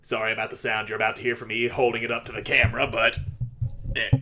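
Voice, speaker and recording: A man's voice: medium pitch, monotone, fast, heavy background noise. A man talks into a USB desk mic in crude, self-mocking reaction commentary. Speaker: YouTuber.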